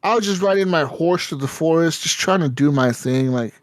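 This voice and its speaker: Animated, swearing man telling game stories. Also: a little high, a little fast, no echo. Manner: animated storytelling, swears often. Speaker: podcast co-host. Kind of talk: casual chat.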